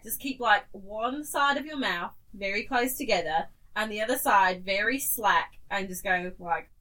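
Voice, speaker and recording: A woman's voice: medium pitch, normal speed, pushed and bright, slight background noise. A woman playing a tabletop game, bantering casually and teasing the others. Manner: teasing, laughs often. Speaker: player.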